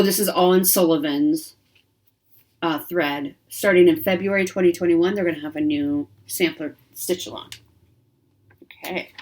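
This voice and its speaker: A woman hosting a craft video, chatting casually and rambling enthusiastically through a magazine. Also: on the low side. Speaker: craft channel host.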